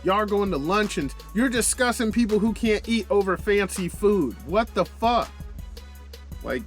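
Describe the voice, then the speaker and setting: A man with a high voice gives loose, swearing reaction commentary, sounding fed up and full of slang. Faint music plays under him the whole time. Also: expressive, normal speed. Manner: profane, exasperated, slangy. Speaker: reaction video host.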